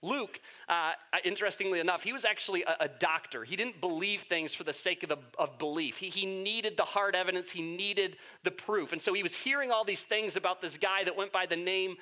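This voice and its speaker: A pastor preaching a sermon in a church with animated, playful storytelling. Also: male voice, high voice, brisk, hardly any pauses.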